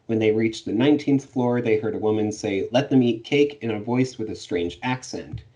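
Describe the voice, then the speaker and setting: A man's voice: on the low side, moderate pace, dark tone, distant mic, dull audio. A man co-hosting a casual book discussion, laughing often and hesitating with fillers. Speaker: podcast co-host.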